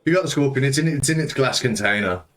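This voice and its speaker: A man narrating a tabletop game as game master, relaxed and often repeating words while he thinks. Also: mid-range voice, fast.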